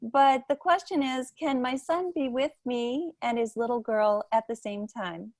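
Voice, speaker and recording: A woman's voice: a little high, a little slow, a little mellow, no echo. A woman hosting an online meeting, politely reading out audience questions with some hesitation. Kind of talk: live online meeting moderation.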